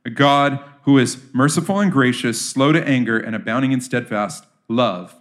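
A man's voice: mid-range voice, moderate pace. A man preaching to a congregation in a church. He talks casually and often turns questions back to his listeners. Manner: conversational, asks the audience questions. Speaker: pastor. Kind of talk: sermon.

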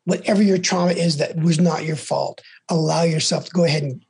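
A very husky, breathy woman talks frankly and at length, looping back on herself with restarts. Her pitch sits slightly low for a woman. She sounds like a host in a candid conversation about recovery. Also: fairly even intonation, brisk, a little mellow. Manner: frank, rambling storytelling with many restarts.

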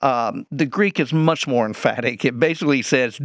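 A man's voice: mid-range voice, moderate pace, a bit bright, dry recording, clean studio sound. A man, a Bible teacher, explaining scripture in an interview, posing rhetorical questions and answering them.

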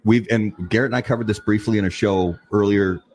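Low-voiced guy cohost explaining stuff, gets emphatic, lots of restarts. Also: steady tone, brisk, a little mellow. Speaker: podcast co-host. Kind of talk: casual chat.

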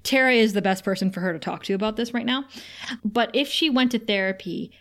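A woman co-hosting a podcast, recapping a TV episode in casual chat and retelling scenes with feeling, sighing often. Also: medium pitch. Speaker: podcast co-host.

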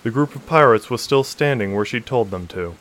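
Steady and measured, a mid-range male voice narrates a science-fiction novel for an audiobook, reading from a script.

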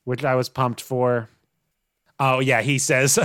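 A man co-hosting a casual podcast, recapping plot in a relaxed way and laughing often. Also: mid-range voice, a little slow, dry recording, studio quality. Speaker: podcast co-host. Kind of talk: casual chat recapping a TV show.

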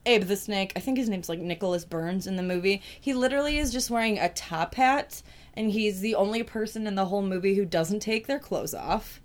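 A woman's voice: mid-range voice, brisk. A young woman co-hosting a podcast, chatting casually with crude, joking banter. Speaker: podcast co-host. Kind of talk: casual chat.

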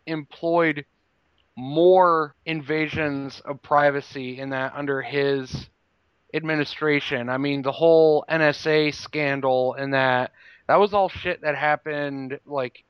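A man's voice: a little high, clean tone, no echo, dull audio. A man hosting a casual podcast, rambling with many fillers. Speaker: podcast host.

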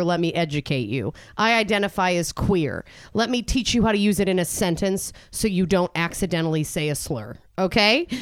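A woman in her thirties performing a stand-up comedy set on a club stage, brash and animated, jumping into high exasperated outbursts. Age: 30s. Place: comedy club stage before a live audience.

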